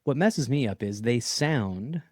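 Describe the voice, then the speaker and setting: A man's voice: medium pitch, lively intonation, unhurried, dry recording. A man co-hosting a podcast, chatting in a rambling, joking way from a job trailer. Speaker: podcast co-host. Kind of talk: casual chat.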